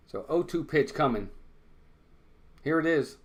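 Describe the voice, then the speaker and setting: A man's voice: fairly high pitch, lively intonation, a little slow, long pauses. A man hosting a fan watch-along stream, calling baseball play-by-play and insisting on his points over and over.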